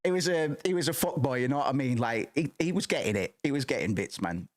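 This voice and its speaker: A man's voice: medium pitch, expressive, fast, slight background noise. A man in his thirties chatting casually as a streamer, rambling, swearing freely and restarting his sentences. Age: 30s. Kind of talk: casual chat.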